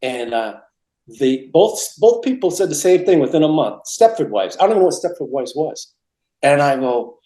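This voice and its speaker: A middle-aged man from Massachusetts, telling stories casually for an interview, rambles with frequent repeats and restarts. The voice is fairly high and dark, swinging hugely in pitch at normal speed, and the rough recording sounds roomy.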